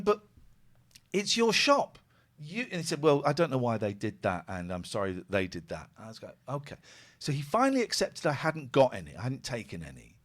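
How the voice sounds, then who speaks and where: Guy hosting a call-in show, lively up and down voice, acting out the back and forth of a story. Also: mid-range voice. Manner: animated storytelling, acting out both sides of exchanges. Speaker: radio phone-in host. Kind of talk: casual chat.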